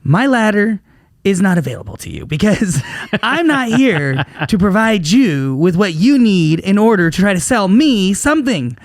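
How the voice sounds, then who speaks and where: A lively man co-hosting a business podcast, his pitch sitting a little high and swinging widely as he tells a story. He acts out both sides of the conversations he recounts. The sound is close and dry, with no room in it. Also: normal speed, dry recording. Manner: animated storyteller, acts out quoted exchanges. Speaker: podcast co-host. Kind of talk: casual business podcast chat.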